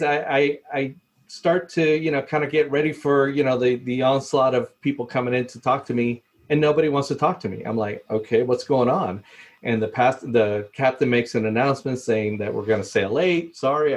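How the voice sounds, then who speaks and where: A man telling a story in casual talk, laughing often and acting out the people he quotes. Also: medium pitch. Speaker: podcast guest, former cruise ship purser.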